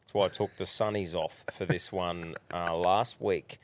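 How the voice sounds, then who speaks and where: A man's voice: sits low, fairly even intonation, moderate pace, fairly bright tone, a little hiss or hum. A man with an Australian accent co-hosting a podcast, rambling and swearing in casual banter. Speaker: podcast co-host.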